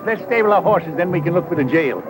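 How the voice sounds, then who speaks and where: An older actor playing a blunt, suspicious retired ranger in a 1970 western film. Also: male voice, fairly high pitch, expressive, fast talker, music in the background, natural voice, rough recording.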